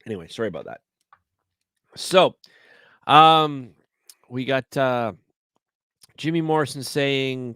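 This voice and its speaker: A man's voice: mid-range voice, lively intonation, slow pace, long pauses, bright, forceful tone, smooth, no room sound. A man with a Canadian accent hosting a podcast alone, telling stories in a chatty, rambling way. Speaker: podcast host. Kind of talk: solo podcast chat.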